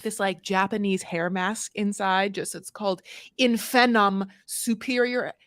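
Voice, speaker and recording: A woman co-hosting a podcast in animated, jokey casual chat. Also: medium pitch, unhurried, dry recording, studio quality. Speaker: podcast co-host.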